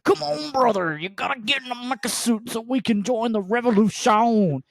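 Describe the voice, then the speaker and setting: A man's voice: moderate pace, vocal fry, no echo, clean studio sound. A man voicing a masked male manga seller who calls everyone brother and won't break character. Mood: zealous. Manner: booming rally-cry delivery, calls everyone brother.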